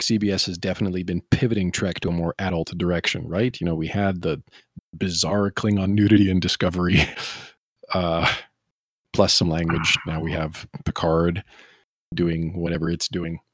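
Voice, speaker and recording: A man co-hosting a casual podcast chat, rambling and riffing with animated asides. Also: sits low, moderate pace, no echo, clean studio sound.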